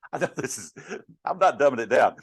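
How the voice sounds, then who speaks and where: A man's voice: mid-range voice, expressive, normal speed, husky, no room sound. A middle-aged man teaching a Bible class in a conversational way, asking the class questions and joking with them. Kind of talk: interactive Bible study teaching.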